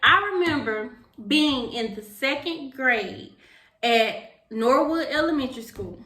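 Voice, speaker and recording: Woman in her 30s, super bright voice, laughs while she tells stuff, echoey room. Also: high-pitched, measured pace. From Alabama, US. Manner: animated, laughing storyteller. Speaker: co-host. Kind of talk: casual chat. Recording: roomy echo.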